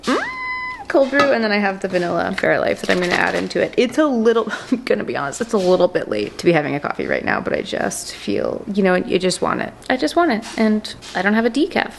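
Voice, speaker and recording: A woman's voice: medium pitch, very animated, quick pace, vocal fry, a little hiss or hum. A woman chatting casually as a vlogger in her home kitchen, bubbly and self-deprecating, talking into a handheld vlog camera.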